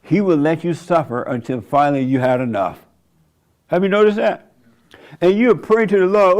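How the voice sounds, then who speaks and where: Gravelly older man preaching casually. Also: a little high, lively intonation, moderate pace, a little mellow. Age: 70s. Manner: laughing often, mocking; folksy, conversational. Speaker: church host. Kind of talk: sermon monologue.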